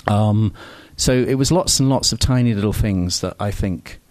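A novelist guest tells stories in a casual interview, rambling and self-deprecating with frequent ums and restarts. His lowish voice has a darkish tone and moderate pace, with no room sound.

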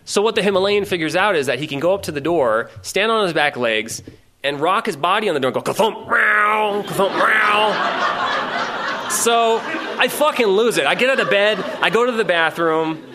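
A man telling a rambling, profane comic story in a casual, animated way. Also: sits high, quick pace, a crowd in the background.

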